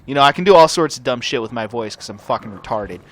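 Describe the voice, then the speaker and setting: A young man hosting a gaming channel, telling a rambling, profane story over gameplay in a casual, animated way. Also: medium pitch, fast talker.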